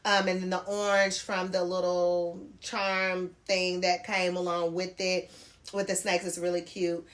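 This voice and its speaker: Chatty woman doing a haul. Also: on the low side. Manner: chatty, addresses viewers as girl and y'all. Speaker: fashion vlogger. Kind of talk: casual try-on haul chat. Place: home bedroom near a closet.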